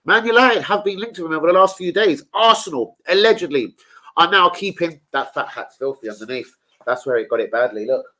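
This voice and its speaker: Animated sweary man. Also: a little high, a little fast, low-quality recording. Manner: animated, sweary banter with viewers. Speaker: football fan channel host. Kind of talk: casual livestream chat.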